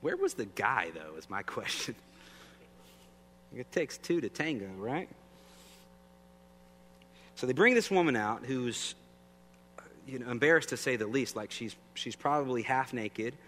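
A man's voice: mid-range voice, sing-song, a little slow, long pauses, fairly bright tone. A man preaching a sermon in a conversational way, often asking the audience questions. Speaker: pastor. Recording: long reverb, faint hum.

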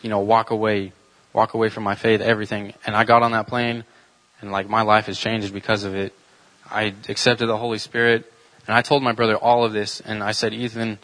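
Young man, faith testimony, earnest and halting, bright tone, low pitch. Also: poor audio. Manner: earnest, halting, many restarts. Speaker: testimony speaker.

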